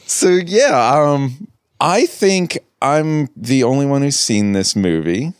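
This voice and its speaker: A man's voice: medium pitch, very animated, slow pace, clean tone, no echo, clean studio sound. A man hosting a casual movie podcast, chatty and upbeat, drifting into asides as he talks. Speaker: podcast host.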